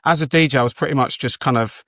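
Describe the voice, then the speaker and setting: A man in his late forties from England, a guest on a podcast, talking in a relaxed, hesitant way with many pauses. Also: mid-range voice, no echo, clean studio sound. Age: 40s. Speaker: guest, DJ and photographer. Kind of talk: casual interview chat.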